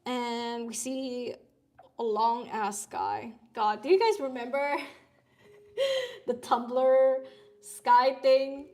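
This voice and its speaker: Slow, chatty woman streamer, a bit sick. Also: a little high, expressive, a little mellow. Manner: chatty, swears freely, thinks aloud while reading panels. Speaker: streamer reviewing webtoon contest entries. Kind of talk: casual live-stream commentary.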